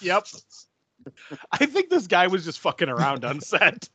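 A man's voice: high voice, very animated, unhurried, sharp tone, breathy edge, no echo. A man co-hosting a casual film podcast, enthusiastic and giggly, who swears casually and laughs often. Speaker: podcast co-host.

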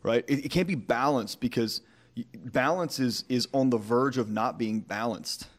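A candid man speaking as a guest on a talk podcast, blunt and direct. He argues by everyday analogy in loose, conversational phrasing. His voice has an ordinary male pitch. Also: moderate pace. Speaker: guest, newer churchgoer. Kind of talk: casual interview chat.

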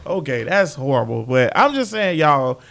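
A man's voice: mid-range voice, very animated, normal speed, vocal fry, fairly bright tone. A man co-hosting a sports podcast in casual chat, joking and slipping into silly impressions. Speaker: podcast co-host.

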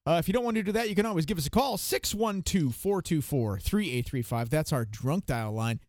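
A man's voice: fairly high pitch, lively intonation, fairly quick, a little mellow, dry recording, clean studio sound. A man hosting a casual radio show, joking and laughing with his co-hosts. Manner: jokey, laughing banter. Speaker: podcast host. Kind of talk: casual chat.

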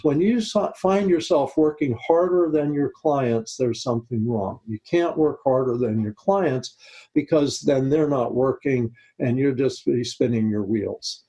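A man speaking as a guest expert, calm and instructive, slowing down on key points in a talk-show discussion. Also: mid-range voice, slightly rough, rough recording. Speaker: guest expert on high-conflict disputes.

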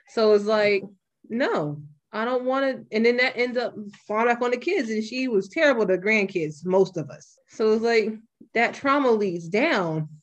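A young woman hosting a podcast, talking bluntly and with plenty of swearing in a casual, animated way. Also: medium pitch. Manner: blunt and profane, animated retelling. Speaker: podcast host.

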